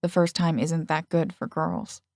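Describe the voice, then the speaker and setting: A woman's voice: deep voice, a little slow, a little mellow, no room sound, clean studio sound. A woman voicing an earnest, slightly hesitant young man in an audiobook.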